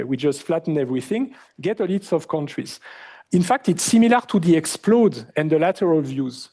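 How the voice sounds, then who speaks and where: A male university lecturer with a French accent, explaining in a lively lecture and often asking the class questions, with many fillers. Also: on the high side. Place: lecture hall.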